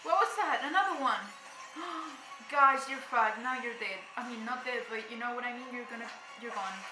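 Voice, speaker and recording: A young woman reacting to a TV episode, excitably talking back at the screen and addressing her viewers. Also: fairly high pitch, moderate pace, reverberant, music in the background. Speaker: reaction vlogger. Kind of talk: casual reaction commentary.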